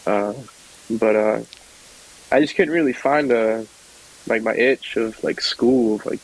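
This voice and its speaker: A man in his twenties, a podcast guest, casually telling a personal story with many fillers and restarts, jumping into lively voices when he quotes people. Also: on the low side, a little slow, pauses often, low-quality recording. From Georgia, USA. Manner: rambling, filler-heavy, lively when quoting others.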